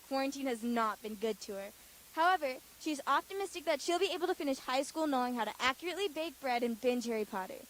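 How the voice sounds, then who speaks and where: A woman announcing candidates at a school assembly, reading playful introductions briskly. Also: high-pitched, slight background noise, rough recording.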